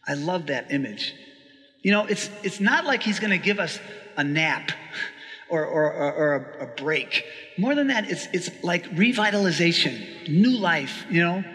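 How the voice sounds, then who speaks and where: A priest preaching in a loose, conversational way, quick to laugh and to ask his listeners if they follow. His voice sits high for a man and rings bright and forceful. A long reverb trails behind every phrase. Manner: chatty and animated, laughing often, asking listeners "right?". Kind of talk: conversational sermon.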